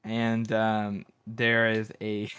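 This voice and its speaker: A man's voice: lowish voice, completely flat delivery, fairly bright tone, smooth, no room sound. A man co-hosting a casual book chat podcast, laughing through his words and swearing freely. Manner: giggly, profane, halting with fillers. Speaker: podcast co-host.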